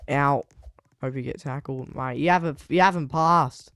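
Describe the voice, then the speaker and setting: A young man calls a live online game, his voice smooth and clear on a dry, close mic. He mutters low between plays and then bursts out in loud, high shouts. His pace is slow and drawn out. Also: no echo. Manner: excitable, swings between muttered asides and sudden shouts. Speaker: sports commentator.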